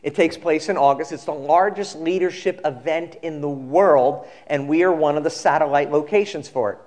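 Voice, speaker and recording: A male pastor giving a sermon, telling a story in a relaxed conversational way and acting out the quoted people. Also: fairly high pitch, normal speed.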